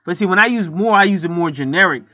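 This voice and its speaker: A man's voice: high-pitched, animated, quick pace, sharp tone, no room sound, highs cut off. A man, preaching a blunt, profane spiritual teaching monologue that builds to heated outbursts.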